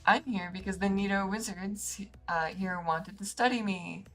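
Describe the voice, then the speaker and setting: A woman's voice: medium pitch, moderate pace, faint music behind, lightly acted. Spider, a woman voicing a chirpy friendly giant spider. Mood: cheerful. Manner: bouncy, cheerful, childlike.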